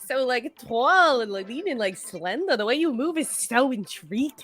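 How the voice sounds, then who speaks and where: A woman's voice: high-pitched, lively intonation, moderate pace, a bit bright, faint music behind. A woman voicing a gushing, coy female monster who floats and flirts. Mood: smitten.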